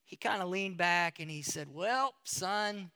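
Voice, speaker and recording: Male pastor, storytelling sermon, bright and slightly high. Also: fairly even intonation, clean tone. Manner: storytelling, halting restarts, building emphasis.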